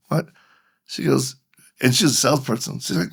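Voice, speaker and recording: A man's voice: on the high side, fast talker, vocal fry, a bit bright, husky. A middle-aged man, a ministry leader and podcast guest, telling a story animatedly, acting out both sides of the dialogue.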